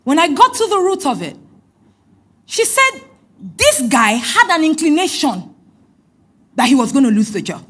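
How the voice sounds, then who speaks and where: A woman pastor preaches in a high, bright voice. Her pitch leaps and dips all through, pressing points with repeated phrases and shifting from loud declarations to quiet asides. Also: sing-song, moderate pace, long pauses. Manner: swings between loud emphatic lines and soft asides. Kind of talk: sermon.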